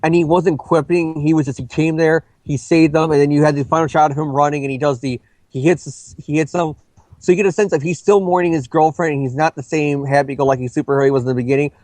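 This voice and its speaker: Rambling man, higher voice, dry sound. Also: fairly even intonation, darkish tone, no room sound. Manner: rambling, fast, many restarts and self-corrections. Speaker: co-host of a movie review show. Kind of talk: casual review chat.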